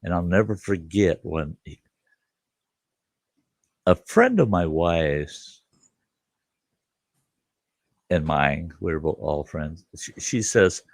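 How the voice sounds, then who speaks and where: A deep-voiced older man with a gravelly, creaky edge spins a folksy tale, chuckling as he goes. He acts out the other people in the story while he talks. The sound is dry and close, with no room echo. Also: animated, slow, pauses often. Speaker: storyteller host. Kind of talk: casual spoken storytelling.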